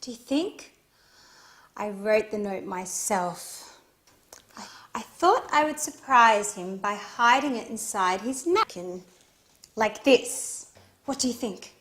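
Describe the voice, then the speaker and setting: A woman's voice: medium pitch, lively intonation, slow pace, fairly bright tone, slight background noise. An actress playing Alice, a young woman in love, in scripted dialogue for English learners. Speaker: actress in a teaching drama.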